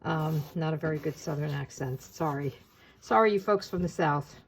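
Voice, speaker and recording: A woman giving a casual, chatty step-by-step craft tutorial, talking as she works with her hands and often pausing on filler words. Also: low-pitched, gravelly, a little hiss or hum. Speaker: papercraft demonstrator.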